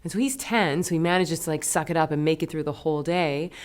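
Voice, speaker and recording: A woman teaching a meditation lesson, talking in a gentle, soothing, unhurried way. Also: low voice.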